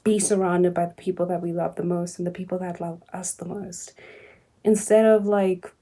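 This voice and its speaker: Young woman, book vlogger, lowish voice, gravelly, emotional slangy chat. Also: little pitch movement, moderate pace, mellow. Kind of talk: casual reading vlog.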